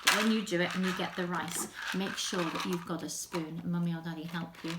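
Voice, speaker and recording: Animated woman telling a children's story. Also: lowish voice, fairly quick, heavy background noise. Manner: animated, drops to whispers. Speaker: children's group leader. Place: at home.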